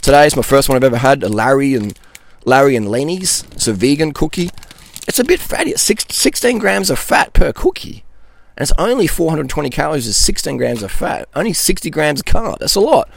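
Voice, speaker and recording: A man's voice: fairly high pitch, lively intonation, brisk, gravelly, dry recording. A middle-aged man, a nutrition coach, answering viewer questions in a blunt, ranting monologue and laughing between points.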